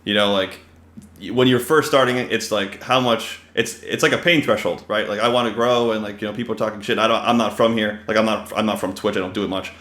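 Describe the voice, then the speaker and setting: A male podcast host rattles along at a quick clip, blunt and animated, cursing casually between fillers. He sits in his home office, and the room gives his voice a noticeable echo. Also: lowish voice. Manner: animated, blunt, swears freely, many fillers. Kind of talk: casual interview chat.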